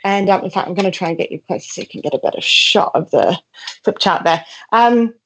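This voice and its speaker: A woman's voice: on the low side, expressive, fairly quick, breathy edge. A young woman comedian doing a comic show-and-tell over a video call from her front room, chatty and self-mocking, with lots of fillers and restarts. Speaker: comedian guest. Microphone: video call from home.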